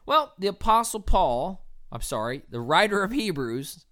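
A woman delivers an earnest, encouraging sermon in a lower voice that still moves a great deal in pitch. She rises to loud, cheering calls and sinks to hushed, gentle appeals. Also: big pitch swings, normal speed. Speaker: preacher.

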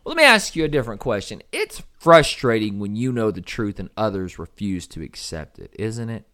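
A young male preacher in full sermon mode, his pitch roaming widely from emphatic high peaks down to low, hushed lines. He draws key words out slowly to land them. The recording is close and dry, with no room sound. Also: very animated, dry recording. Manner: swings from loud emphatic peaks to low quiet passages.

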